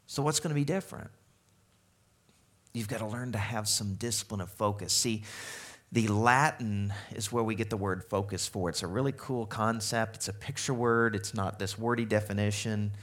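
A man preaching a sermon as a pastor, animated and conversational, asking the congregation questions as he goes. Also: lowish voice.

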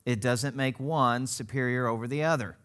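A man's voice: medium pitch, normal speed, fairly bright tone. A middle-aged man from Missouri preaching a sermon as pastor, telling stories with laughs and quoted voices. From Missouri, United States.

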